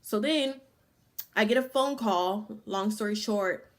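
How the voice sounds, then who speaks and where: A woman's voice: mid-range voice, slow pace, a little hiss or hum. A woman in her twenties telling a casual storytime, swearing freely and saying "like" constantly. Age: 20s. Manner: casual, profane, full of "like" fillers. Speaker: vlogger.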